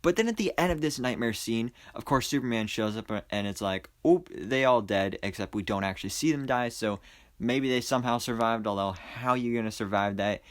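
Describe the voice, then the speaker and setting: A man's voice: mid-range voice, a little fast. A young man giving a casual, enthusiastic movie review, rambling with lots of fillers and restarts. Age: young adult. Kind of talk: casual spoiler review monologue.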